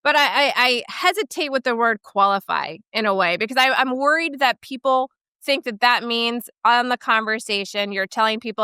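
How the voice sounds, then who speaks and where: Emphatic, bright-voiced woman co-host. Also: fairly high pitch, moderate pace, clean tone, no room sound, studio quality. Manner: animated and emphatic, often asking "right?". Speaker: podcast co-host and portrait studio owner. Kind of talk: casual podcast discussion.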